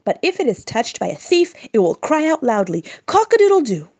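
A devout, clever male advisor at court, read by a woman storyteller. He speaks earnestly and asks politely, with a lively rise and fall in his voice. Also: fairly high pitch, a little fast, muffled recording. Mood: confident. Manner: earnest, pleading.

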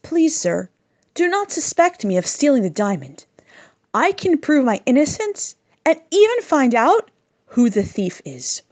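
A woman's voice: high voice, sing-song, a little slow, a little mellow, pitched above the performer's own voice. A woman reading the part of a devout, clever male court advisor in a spoken story, earnest and pleading in manner.

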